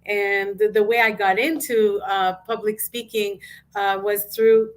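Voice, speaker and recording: A woman's voice: mid-range voice, steady tone, measured pace. A middle-aged woman, a business coach and guest speaker, telling her life story in an interview with emotion and acted-out quotes.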